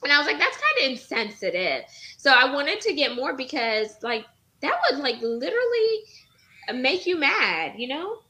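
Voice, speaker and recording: A woman's voice: high-pitched, sing-song, moderate pace, pushed and bright, poor audio. A woman guest on a web show over a remote call, telling a story casually and quoting others with many filler words. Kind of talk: casual chat.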